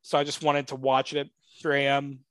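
A man's voice: mid-range voice, monotone, a little fast, a bit bright, smooth, dry recording. A man co-hosting a casual pop-culture podcast, rambling through his points with lots of filler words and plenty of fan enthusiasm. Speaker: podcast co-host.

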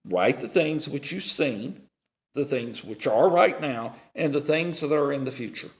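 A man preaching a sermon, reading scripture aloud and explaining it with deliberate pauses. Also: mid-range voice. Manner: slow, deliberate preaching with dramatic pauses and swings in loudness; reads scripture aloud in a raised, declaiming voice.

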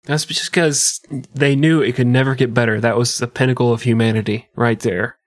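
A man's voice: medium pitch, steady tone, normal speed, dry recording, studio quality. A man co-hosting a casual podcast, cracking profane jokes. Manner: wisecracking, profane. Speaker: podcast co-host.

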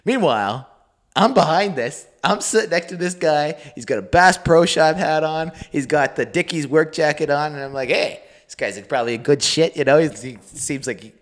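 A young man from Canada co-hosting a podcast, telling a story in a loose, swearing, animated way and acting out the voices of people he quotes. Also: fairly high pitch, moderate pace. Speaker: podcast co-host. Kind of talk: casual storytelling chat.

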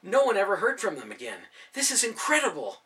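A man voicing an earnest young Israelite woman who is startled and easily excited, reading her lines in a storybook reading. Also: mid-range voice, a little fast, far from the mic, pitched above the performer's own voice.

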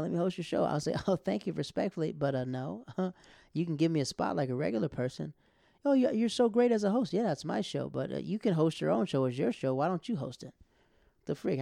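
A young man talks fast and loose, laughing as he acts out quotes. His voice is gravelly and warm, a touch higher than most men's, recorded close and dry with no room sound. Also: no room sound. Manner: animated, quick bursts, laughs often, acts out quotes. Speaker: stand-up comic and podcast host. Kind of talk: casual storytelling chat.

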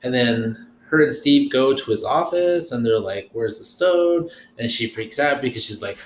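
A man's voice: mid-range voice, moderate pace. Rambling, profane man in an echoey room. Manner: relaxed, rambling, swears freely. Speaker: podcast co-host. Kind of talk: casual chat. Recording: roomy echo with faint noise.

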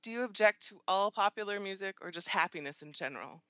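A woman's voice: mid-range voice, animated, fast talker, a bit bright, no echo, pitched above the performer's own voice, close to an everyday voice. A woman reading an audiobook, voicing a flamboyant, show-off male barkeep who speaks in a sing-song, teasing way.

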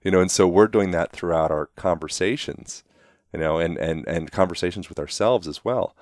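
A man talking as a guest in a relaxed conversational way, full of "you know" fillers and quick acted-out examples. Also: low-pitched, dry recording, clean studio sound. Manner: animated, acts out quick voiced examples.

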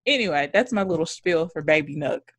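A woman co-hosting a podcast in casual chat, animated, swearing and laughing often. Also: low voice, a little fast, dry recording. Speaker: podcast co-host.

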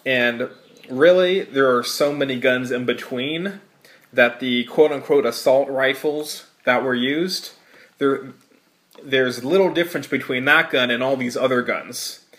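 A man's voice: medium pitch, unhurried, a bit bright. Opinionated, ranting man hosting a podcast. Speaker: podcast host. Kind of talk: casual podcast chat.

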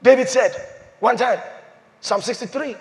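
A man preaching a sermon as pastor, repeating phrases and swinging from loud declarations to hushed, slow emphasis. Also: very high voice. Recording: long hall reverb.

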